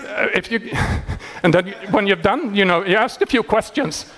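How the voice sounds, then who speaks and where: A man who maintains a software project, talking casually and wryly, laughing often and restarting his sentences. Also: high voice, moderate pace. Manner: wry and animated, laughing often, many restarts. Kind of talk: casual explanatory talk.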